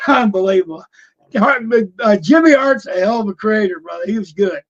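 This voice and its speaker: A man's voice: high-pitched, normal speed. An older man, a veteran wrestler telling road stories in a casual interview, acting out old conversations. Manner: animated storyteller, acts out old conversations. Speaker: retired pro wrestler, guest. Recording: dull lo-fi stream audio.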